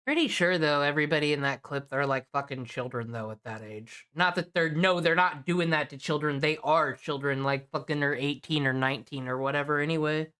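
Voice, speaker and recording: A woman's voice: deep voice, brisk, few pauses, a bit bright, smooth. Blunt, sweary woman streamer. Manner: blunt, profane and sarcastic. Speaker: streamer reacting to drama clips. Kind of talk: casual commentary.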